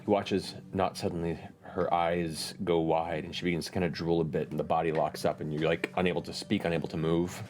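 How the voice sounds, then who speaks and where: A man narrating a tabletop game as game master, describing scenes and calling for rolls. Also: low-pitched. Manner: lively, animated narration with quick asides.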